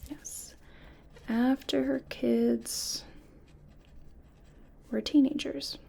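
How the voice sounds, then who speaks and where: A woman in a whispered role-play as a clinician, giving gentle, patient step-by-step instructions in a soft, breathy whisper. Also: high-pitched, level tone, very slow. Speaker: ASMR artist playing a clinician giving cognitive tests.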